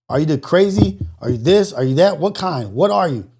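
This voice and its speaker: A man's voice: fairly high pitch, lively intonation, a little fast, few pauses, mellow, slightly rough. A man hosting a live call-in show, ranting in a blunt, incredulous way and swearing freely.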